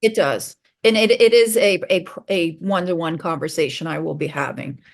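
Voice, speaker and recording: A woman taking part in a webinar, replying with soft-spoken thanks. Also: fairly low pitch, moderate pace, vocal fry. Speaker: webinar participant.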